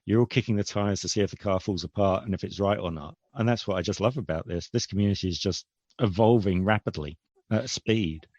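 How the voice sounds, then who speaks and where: A man's voice: low-pitched, fairly quick, darkish tone, no room sound, dull audio. A man hosting a casual online roundtable, chatty and enthusiastic, laughing easily as he talks. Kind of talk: casual online group chat.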